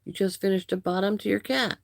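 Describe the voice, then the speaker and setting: A woman hosting a live crochet stream, chatting with viewers, greeting and thanking them by name, with some halting restarts. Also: medium pitch, gravelly, dry recording, studio quality. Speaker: livestream host.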